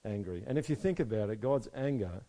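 A man preaching a sermon, moving between soft, quiet stretches and loud, emphatic passages. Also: fairly low pitch, expressive, a little fast. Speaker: pastor.

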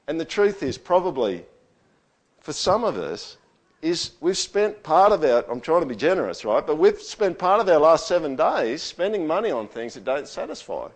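A pastor preaches to his church, moving from near-whispers to loud, booming scripture quotes and regularly asking the congregation to answer back and agree. He speaks in a sing-song, measured way through a stage microphone and sound system in a live-sounding hall.

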